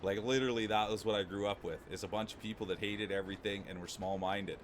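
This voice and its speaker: A man's voice: lowish voice, steady tone, fast, slight background noise. A man from Canada with a prairie accent, chatting casually and rambling to his stream chat. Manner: rambling, laid-back, repeats himself.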